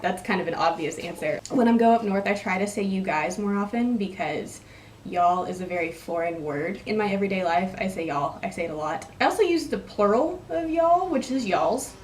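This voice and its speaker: A woman's voice: fairly low pitch, brisk, darkish tone, reverberant, distant mic, a little hiss or hum. A young woman from Texas with a Texan accent, chatting casually and rambling through an accent tag vlog. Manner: chatty, rambling, self-deprecating. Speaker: vlogger.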